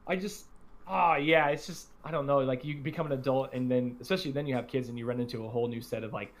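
A man's voice: medium pitch, steady tone, quick pace. A man in his thirties hosting a podcast, telling family stories in casual chat, laughing and swearing freely. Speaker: podcast host.

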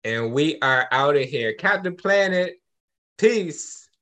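A man's voice: a little high, expressive, unhurried, bright, forceful tone. Laid-back man co-hosting a podcast. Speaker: podcast co-host. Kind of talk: casual chat.

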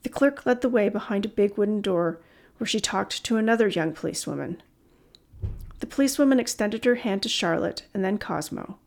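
Woman narrating a storybook, slight fry. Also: mid-range voice, a little fast, a little mellow. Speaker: audiobook narrator.

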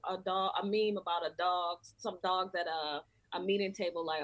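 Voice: mid-range voice, fairly even intonation, moderate pace, few pauses, a bit bright, low-quality recording. A host in casual podcast chat, speaking in an encouraging, emphatic way.

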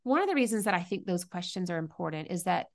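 A woman's voice: lowish voice, expressive, fast talker, gravelly. A middle-aged woman speaking as a podcast guest, earnest and reflective, often restarting her sentences. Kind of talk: conversational interview.

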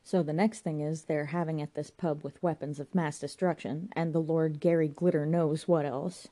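A woman's voice: deep voice, fairly even intonation, moderate pace, warm tone, close to an everyday voice. A woman voicing a rambling, self-important male pub landlord with a banged head. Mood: chatty.

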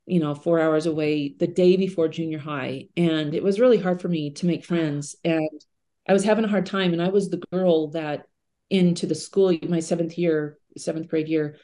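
A woman's voice: deep voice, fairly even intonation, normal speed, warm tone. A middle-aged woman, a podcast guest, telling personal stories in an earnest, conversational way with casual fillers. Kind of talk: reflective personal storytelling.

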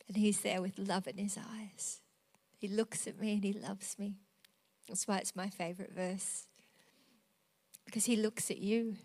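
A woman with a mid-range voice preaches a devotional sermon, earnest and emotional. She shifts from loud emphasis to a hushed near-whisper.

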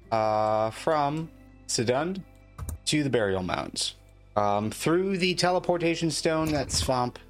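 A man running a tabletop game as game master, explaining at a halting pace with many fillers. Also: on the high side, a bit bright.

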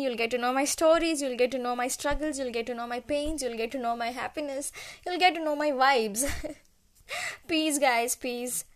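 A woman in her twenties who is not a native English speaker, talking unscripted on her own podcast, searching for words and full of fillers. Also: high voice. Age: 20s. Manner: rambling, searching for words, frequent laughs and fillers. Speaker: podcast host. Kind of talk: unscripted solo podcast intro. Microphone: podcast app recording.

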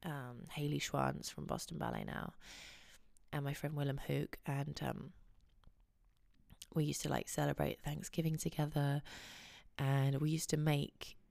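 A woman's voice: low voice, level tone, measured pace, vocal fry, long pauses, a little mellow, no room sound. A young adult woman hosting a podcast, chatting casually and telling rambling, giggly stories. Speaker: podcast host. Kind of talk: casual chat.

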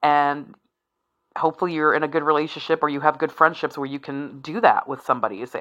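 A woman in her forties with a low voice that still has a bright, forceful edge. She talks frankly and swears freely, rambling through asides with a laugh here and there. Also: steady tone, fast. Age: 40s. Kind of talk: candid solo talk.

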